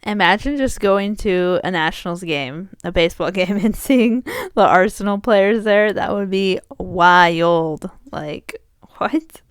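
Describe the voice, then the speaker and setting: Giggly American woman with a clear voice. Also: mid-range voice, slow, no room sound, studio quality. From United States. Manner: giggly, enthusiastic reactions. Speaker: co-host. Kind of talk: casual chat.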